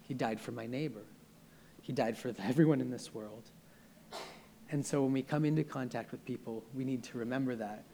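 A man's voice: mid-range voice, moderate pace, gravelly, mellow, slight background noise. A young man preaching a sermon in an earnest, conversational way, often restarting his sentences.

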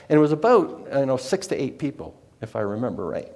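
Speaking quickly in a mid-range, darkish voice with big pitch swings, a man narrates something that happened to him. His casual storytelling rambles and he corrects himself again and again.

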